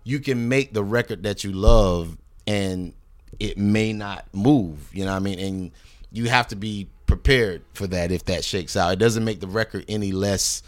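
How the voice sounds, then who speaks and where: A man from North Carolina, a guest rapper, telling animated stories in a casual interview, swearing freely and acting out what others said. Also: fairly low pitch, normal speed. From Greensboro, North Carolina. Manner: animated storyteller, swears freely, acts out quoted people.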